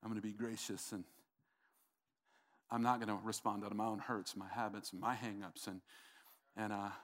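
A man's voice: on the low side, flat delivery, moderate pace, fairly bright tone. A middle-aged man preaching a sermon, emphatic and repetitive, calling out to the congregation. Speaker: pastor.

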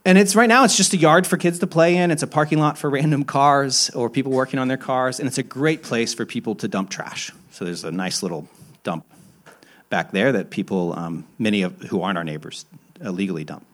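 A young adult man, a pastor, preaching a sermon in a candid, self-deprecating storytelling manner, with frequent restarts, moving between emphatic rises and quiet, low asides. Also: brisk.

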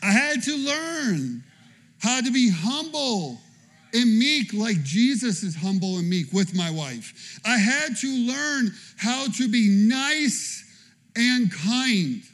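A man preaching with a lively, high-pitched voice that climbs and dips freely. He preaches casually and tells funny personal stories, often tossing out a quick "okay?" to the crowd. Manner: animated, conversational preaching with frequent "okay?". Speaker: pastor. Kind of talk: sermon.

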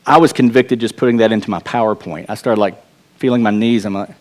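A man's voice: on the low side, steady tone, fast. A man with a Texas accent preaching a sermon in a church, earnest and conversational, with restarts and asides to the congregation. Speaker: pastor.

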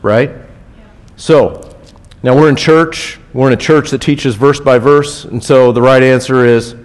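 A man's voice: mid-range voice, a little slow. A man preaching a sermon in a casual, conversational way, repeating key phrases for emphasis. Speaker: pastor. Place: church.

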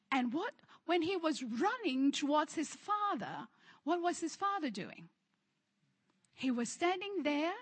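A woman preaching a sermon, leading her congregation in call-and-response and swinging from fervent shouts to hushed storytelling. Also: very high voice.

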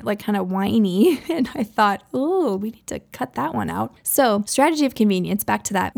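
A woman's voice: medium pitch, gravelly, darkish tone. A woman in her thirties, a podcast host, giving chatty, conversational advice about parenting and goals, laughing now and then. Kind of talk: casual advice talk.

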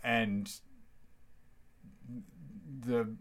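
A man's voice: mid-range voice, level tone, drawn-out words, a bit bright. A man hosting a solo podcast from home, chatting in a rambling, digressive way with many fillers and bursts of enthusiasm. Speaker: podcast host. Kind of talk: casual solo podcast monologue. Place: at home near a fridge.

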